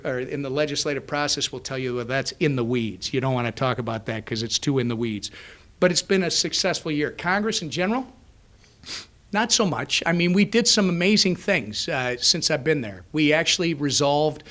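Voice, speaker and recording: A man speaking to a business luncheon as a congressman, telling lively anecdotes and acting out the dialogue. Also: a little high. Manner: animated storyteller who acts out dialogue. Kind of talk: speech with anecdotes. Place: luncheon event.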